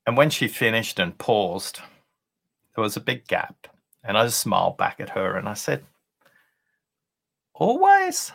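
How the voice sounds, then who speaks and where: A man being interviewed as a podcast guest, telling a workplace anecdote in a deliberate, conversational way with pauses for effect. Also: lowish voice, creaky, fairly bright tone, breathy edge. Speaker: podcast guest, listening expert.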